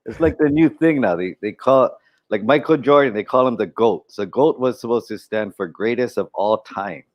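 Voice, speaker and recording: A man's voice: mid-range voice, normal speed, muffled recording. A man co-hosting a casual live stream, joking and teasing, laughing often. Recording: roomy echo with faint music.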